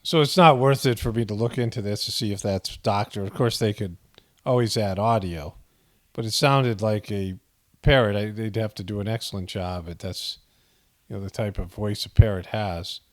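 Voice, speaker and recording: A man's voice: fairly low pitch, normal speed. A man hosting a casual video commentary, rambling with frequent chuckles and fillers. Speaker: commentary channel host.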